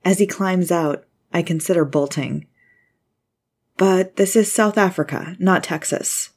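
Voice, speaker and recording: A woman narrating a first-person story in a measured, scripted style. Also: lowish voice, slightly rough.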